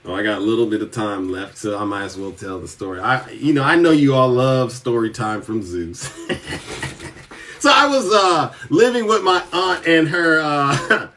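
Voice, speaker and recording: A man hosting a show, telling a comic story in an animated way and calling himself by name. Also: mid-range voice, moderate pace, distant mic, slight background noise. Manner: animated, refers to himself in the third person. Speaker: podcast host. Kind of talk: comedic storytelling monologue.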